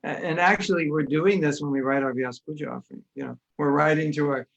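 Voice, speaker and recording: An American man with a high-leaning, creaky voice talks fast through an informal spiritual lecture on a video call, and the audio sounds dull. He teaches his online class in a lively, conversational manner, voicing the people he quotes.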